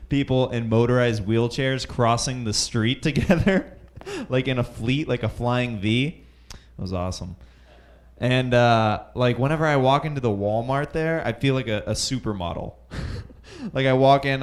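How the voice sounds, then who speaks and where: A young man doing nervous, rambling stand-up at an open mic in a comedy club, full of fillers and chuckles at his own jokes. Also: medium pitch. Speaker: stand-up comic.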